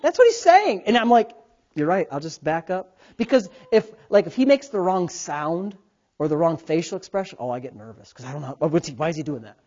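Animated preaching man, dull lo-fi sound. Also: sits high, brisk. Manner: animated preaching, swings between loud and quiet. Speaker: pastor. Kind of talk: sermon.

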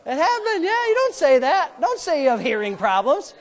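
A man preaching a sermon as pastor, repeating phrases in a rhythm, calling for amens, and swinging between hushed asides and loud outbursts. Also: extremely high pitch, huge pitch swings, moderate pace. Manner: repetitive, rhythmic phrasing with calls for amen.

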